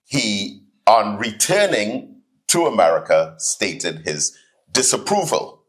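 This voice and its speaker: A man giving a sermon-style keynote address in a hall, telling stories with lively acted-out voices. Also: lowish voice, slow. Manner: animated storytelling, acts out voices in anecdotes. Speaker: keynote speaker, student minister. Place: hall, live audience.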